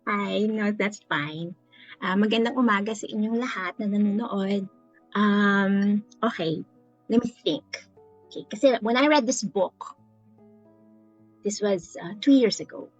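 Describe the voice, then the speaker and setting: A woman's voice: medium pitch, a little slow, dry recording, highs cut off, soft background music. A woman from the Philippines with a Filipino accent, reacting as a guest in an emotional, candid way and switching languages mid-sentence. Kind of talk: casual spoken reflection.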